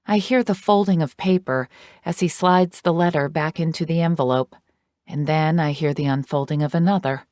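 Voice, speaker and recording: A woman narrating a romance audiobook in the first person, soft and intimate. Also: low-pitched, moderate pace, no room sound, studio quality.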